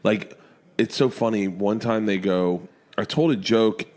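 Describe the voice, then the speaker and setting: Man, 40s, comedian, casual podcast storytelling, animated, profane. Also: fairly low pitch, a little slow. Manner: animated, swears freely, acts out family members' lines. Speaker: comedian guest. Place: comedy club during a remote podcast.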